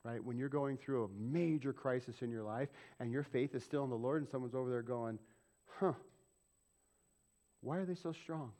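A man preaching a sermon as pastor of a church, asking the congregation questions and acting out quoted voices. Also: medium pitch. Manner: animated, asks the congregation questions and acts out quick quoted voices.

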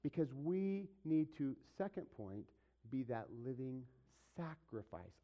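A middle-aged pastor preaches conversationally in a slightly high, very animated voice with a darkish tone, taking his time. He questions the congregation and plays out small asides.

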